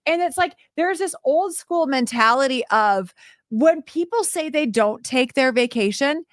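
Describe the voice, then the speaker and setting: A woman co-hosting a radio show in casual banter, animated and chatty, laughing often. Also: high voice, unhurried, no echo, clean studio sound.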